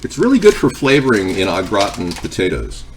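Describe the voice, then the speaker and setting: Rambling low-voiced man hosting a cooking stream. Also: wildly swooping pitch, fairly quick, noisy background. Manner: rambling, jumps between cooking and chat replies. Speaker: host of a live cooking stream. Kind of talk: casual live-stream chat. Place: home kitchen.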